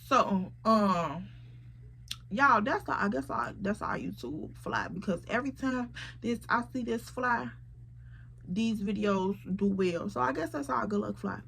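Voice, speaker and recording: A woman, casually telling a story to camera and quoting friends in quick, slangy voices. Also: mid-range voice, expressive, vocal fry, fairly bright tone, a little hiss or hum. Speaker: storytime vlogger.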